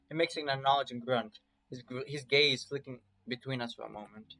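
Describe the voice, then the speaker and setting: A man in a mid-pitched voice reads a visual novel aloud in first person. He keeps it casual, swears freely and stops to chat about his choices. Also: a little fast, fairly bright tone, rough recording. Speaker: story reader.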